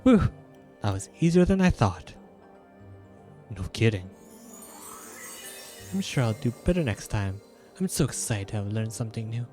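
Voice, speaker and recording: A man voicing a timid, gentle young woman from a video game, reading her lines in a raised, hesitant, girlish voice. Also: very animated, moderate pace, pauses often, faint music behind. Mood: relieved. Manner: hesitant, apologetic, put-on high girlish voice. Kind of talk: reading game dialogue aloud in character.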